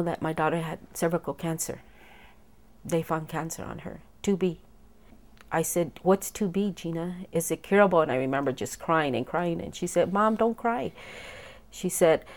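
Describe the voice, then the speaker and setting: A mother being interviewed, retelling her daughter's illness in prison through quoted dialogue, halting with fillers. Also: deep voice, a little mellow. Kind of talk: emotional personal testimony.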